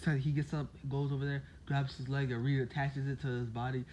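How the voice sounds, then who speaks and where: A man's voice: mid-range voice, little pitch movement, fairly quick, dark tone, a little hiss or hum. Rambling man telling a made-up story. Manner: rambling, full of "like" and "basically". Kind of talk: casual made-up fan story retelling.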